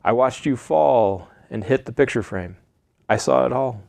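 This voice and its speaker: A man voicing a loving, patient father in a read-aloud storybook, speaking slowly and reassuringly. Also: medium pitch, vocal fry, darkish tone, no echo.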